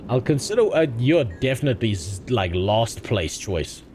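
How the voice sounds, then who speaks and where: A man's voice: mid-range voice, very animated, moderate pace, a little mellow, slight background noise. Profane joking streamer man. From South Africa. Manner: reads game dialogue aloud. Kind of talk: casual gaming stream commentary.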